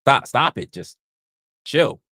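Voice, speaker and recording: A man's voice: mid-range voice, lively intonation, takes it slowly, creaky, bright, forceful tone, no room sound. A man hosting a livestream in casual chat, rambling, crude and joking, repeating his phrases into a close mic. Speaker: livestream host.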